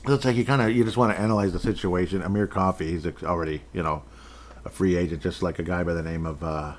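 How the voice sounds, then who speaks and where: A man's voice: low-pitched, fairly even intonation, quick pace. A man hosting a casual sports podcast, rambling and jokey, chuckling often as he talks. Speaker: podcast host.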